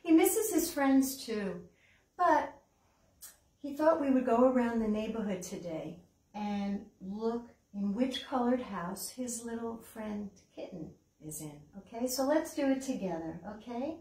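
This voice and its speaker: A woman librarian leading a children's story time with songs, talking in a slow, gentle sing-song way. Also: fairly high pitch, expressive, distant mic. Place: library room. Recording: echoey room, away from the mic.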